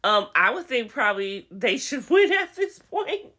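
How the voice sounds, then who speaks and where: A woman's voice: on the high side, big pitch swings, normal speed, bright, forceful tone. A young woman recapping a reality TV episode in a chatty, slangy, gossipy way, calling her viewers honey and y'all.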